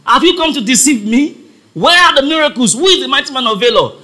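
A preacher acting out an indignant, doubting Gideon. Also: male voice, very high voice, expressive, pushed and bright, voice pushed up, heavily acted. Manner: agitated, rapid complaining questions. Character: frustrated, doubting farmer Gideon, grown man.

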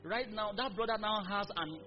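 High-voiced preacher, call-and-response. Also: male voice, normal speed. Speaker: pastor. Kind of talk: sermon. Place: church. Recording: dull recording with music behind. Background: music.

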